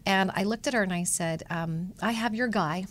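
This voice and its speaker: A middle-aged woman appears as a matchmaker guest in a conversational interview, telling a story in a mid-range voice at normal speed. She's animated and emotional, acting out the voices of the people she quotes.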